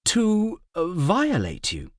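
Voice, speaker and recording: A man's voice: high-pitched, wildly swooping pitch, no echo, clean studio sound, pitched above the performer's own voice, exaggerated voice. A man voicing a timid, delicate female court advisor who speaks carefully and halts over awkward words. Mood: hesitant. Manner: hesitant, halting, careful diplomatic phrasing. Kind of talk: audiobook character voice.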